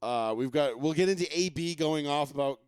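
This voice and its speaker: A man's voice: on the high side, fairly quick, a little mellow, clear, resonant tone, no room sound. A man hosting a casual sports talk podcast, ranting and swearing, mocking fans, into a close mic. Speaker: podcast host.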